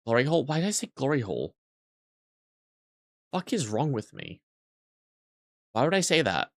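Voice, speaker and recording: A man's voice: medium pitch, very animated, moderate pace, dry recording, clean studio sound. Rambling, self-mocking man streaming a game. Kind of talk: casual gameplay commentary.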